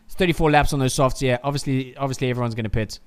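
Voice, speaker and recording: A man streaming a live race watchalong, reacting with heated, profane ranting that drops into low muttering. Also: very fast, clean tone.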